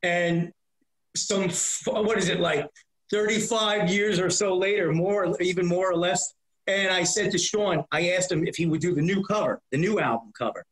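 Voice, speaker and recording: A middle-aged comedian telling lively anecdotes in an interview, acting out the voices of the people in them and swearing freely. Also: male voice, high voice, moderate pace. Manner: profane, acts out voices in anecdotes. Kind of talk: animated storytelling. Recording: roomy echo.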